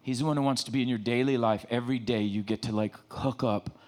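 A middle-aged man preaching a casual sermon, lively and joking, retelling scripture in everyday slang. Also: medium pitch, fast.

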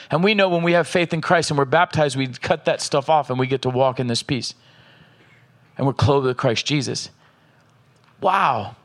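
A man preaching a sermon, reading scripture aloud with slow emphasis and checking in with the congregation. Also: a little high, fairly bright tone. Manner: asks the audience "are you with me", reads scripture aloud with slow emphasis. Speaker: pastor.

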